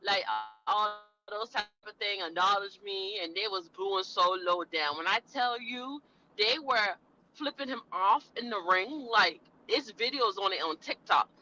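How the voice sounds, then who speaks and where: Bright chatty woman, lo-fi sound. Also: mid-range voice, unhurried, a little hiss or hum. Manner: loose, chatty, emphatic. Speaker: podcast co-host. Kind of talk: casual chat. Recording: dull lo-fi audio.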